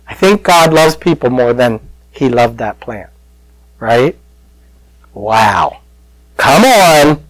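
A man's voice: medium pitch, slow pace, long pauses, no room sound, rough recording. A man preaching a sermon to his congregation, telling the story conversationally and calling out to the listeners. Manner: conversational, animated storytelling with audience call-outs. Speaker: pastor.

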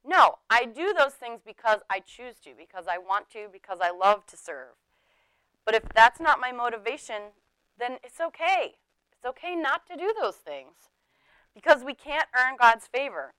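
Middle-aged woman preaching casually, laughs a lot, kinda high voice, super dry close sound. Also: big pitch swings, moderate pace, sharp tone, smooth, no room sound, low-quality recording. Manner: conversational, laughing, acts out quoted speech. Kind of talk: sermon.

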